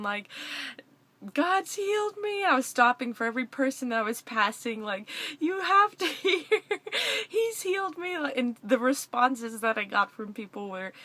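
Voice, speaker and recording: A young woman with a somewhat high voice shares a personal testimony in a vlog. She sounds breathless and excited and laughs often as she talks to the camera. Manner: breathless and excited, laughing through her words. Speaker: vlogger sharing a testimony.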